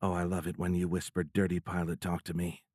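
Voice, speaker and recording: A man's voice: sits low, completely flat delivery, brisk, a little mellow, no echo, studio quality. A male audiobook narrator voicing a fiercely independent, playful woman who is a fighter pilot. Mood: affectionate. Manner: playful, teasing.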